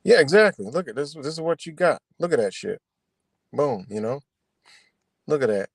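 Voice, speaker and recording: A man's voice: mid-range voice, very animated, moderate pace, gravelly, husky, no room sound. Profane, heated man ranting live. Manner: profane, confrontational, repetitive. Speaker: livestream host. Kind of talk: heated livestream rant.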